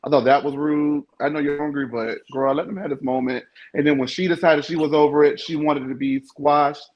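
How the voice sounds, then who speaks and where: A man's voice: on the high side, fairly even intonation, a little fast, dull audio. A man on a casual recap panel, sassy and opinionated, who fills his points with "you know" and "um". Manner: sassy, opinionated, lots of fillers.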